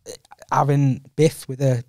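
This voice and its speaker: A man's voice: mid-range voice, flat delivery, measured pace, darkish tone, no room sound, clean studio sound. Rambling Welsh man telling stories. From Wales. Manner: rambling storyteller, laughs often. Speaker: podcast co-host. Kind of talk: casual chat.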